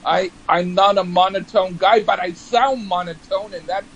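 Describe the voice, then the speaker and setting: A man co-hosting a podcast in casual chat, self-deprecating and halting, restarting his words often. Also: high voice, fairly even intonation, fairly bright tone, breathy edge, highs cut off. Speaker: podcast co-host and songwriter.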